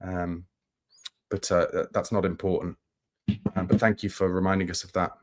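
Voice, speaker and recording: A man hosting a football livestream, speaking in a somber, halting way with many restarts as he reads and answers viewer comments. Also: low voice, level tone. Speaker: football channel host. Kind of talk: live-stream chat reading viewer comments.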